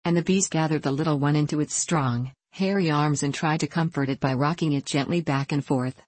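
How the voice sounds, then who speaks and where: Low-voiced woman reading a storybook. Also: fairly quick, a little mellow, no room sound. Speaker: reader. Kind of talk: audiobook narration.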